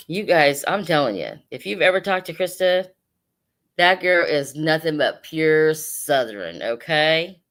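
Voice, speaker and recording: Host: woman, low-pitched, chatty live seller who laughs a lot and talks straight to viewers. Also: fairly bright tone. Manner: chatty, laughs often, addresses viewers directly. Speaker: live-stream seller of hat pins and jewelry. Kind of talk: casual live sale chat with viewers.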